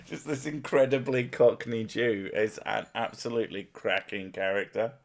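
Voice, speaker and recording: A man's voice: lowish voice, fairly even intonation, moderate pace, creaky. A young man hosting a stream, chatting casually with a co-host in jokey, sweary banter and laughing often.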